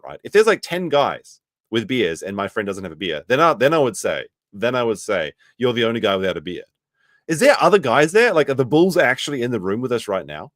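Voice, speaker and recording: A man hosting a commentary stream, reacting sarcastically to a clip, jumping between loud outbursts and muttered asides. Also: medium pitch, no room sound, studio quality.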